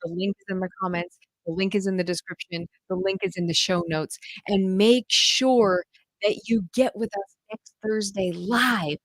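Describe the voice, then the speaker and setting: A woman's voice: medium pitch, fairly even intonation, moderate pace, no room sound, low-quality recording. A woman homeschool coach talking straight to her listeners in an enthusiastic, chatty podcast monologue, calling them "you guys.". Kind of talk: direct-to-audience podcast monologue.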